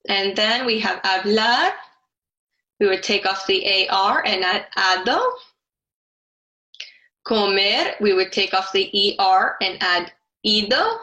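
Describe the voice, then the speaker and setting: Woman teacher, unhurried, careful step-by-step explanations for a recorded lesson. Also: mid-range voice, sharp tone, highs cut off. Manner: slow, careful explanations with spelled-out letters. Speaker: Spanish teacher. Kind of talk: online grammar lesson.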